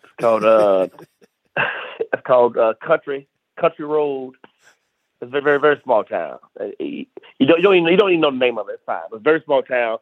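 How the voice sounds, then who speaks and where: A South Carolina comedian guesting on a casual podcast rants emphatically, repeating phrases, in a mid-range, sing-song voice. He talks fast but leaves long pauses. The sound is dry, tinny and phone-like, with no echo.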